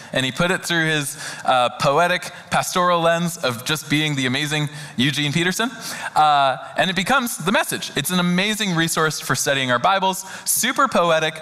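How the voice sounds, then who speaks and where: A man preaching a sermon in a conversational, earnest way, slowing down and softening when he reads scripture. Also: a little high. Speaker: pastor. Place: church sanctuary. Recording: long reverb of a large hall.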